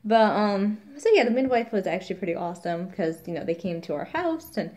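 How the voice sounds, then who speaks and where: A woman's voice: medium pitch, lively intonation, fairly quick, darkish tone. A woman, a new mother, chatting casually in a rambling vlog, quoting the people around her.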